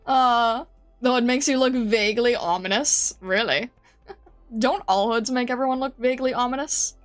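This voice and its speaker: A woman streamer chatting casually with her viewers, giggling often and reading their comments aloud in a flustered way. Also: fairly high pitch. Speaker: game streamer.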